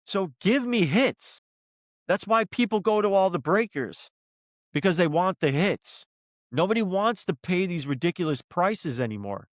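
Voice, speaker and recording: Man co-host, higher-pitched voice, close dry mic, ranting and cursing in a heated podcast argument. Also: animated, unhurried, dry recording. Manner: worked up, ranting, swears often. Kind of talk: heated casual podcast discussion.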